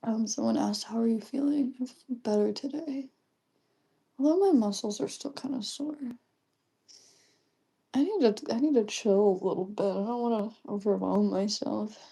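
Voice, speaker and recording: A young woman livestreaming in a casual chat, reading comments aloud, often giggling and keeping her voice hushed. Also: on the high side, normal speed, creaky, breathy edge.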